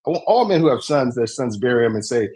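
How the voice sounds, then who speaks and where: Mid-pitched man speaking earnestly. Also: animated, fast talker, a little mellow. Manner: earnest, profane, reflective. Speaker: podcast co-host. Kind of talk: casual discussion.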